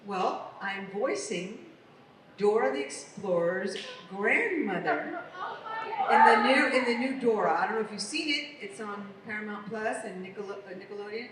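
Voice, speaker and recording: A woman's voice: medium pitch, normal speed, background noise. An American woman, a voice actress, chatting casually as a guest on a convention panel. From United States. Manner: chatty, animated storyteller. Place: large convention hall. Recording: echoey hall recorded from far off.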